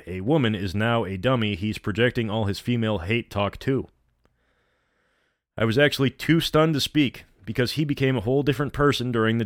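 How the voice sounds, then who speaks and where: Male story reader, lowish voice, blunt and sarcastic in his asides, dead-dry sound. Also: dry recording. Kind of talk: reading a story aloud with commentary.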